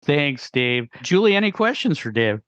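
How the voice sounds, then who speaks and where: A man moderating a podcast discussion, asking questions in a brisk, direct way. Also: on the high side, big pitch swings, a bit bright, no echo, lo-fi sound.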